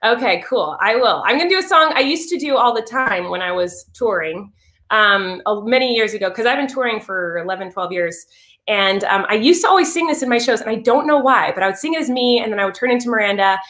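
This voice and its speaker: A woman in her thirties with a high, light voice, chatting earnestly as a guest on a video call. Her words tumble out with restarts and "you know"s. The sound is roomy and echoey, as from a bare home room. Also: expressive, a little fast, fairly bright tone. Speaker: guest performer. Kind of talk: casual interview chat.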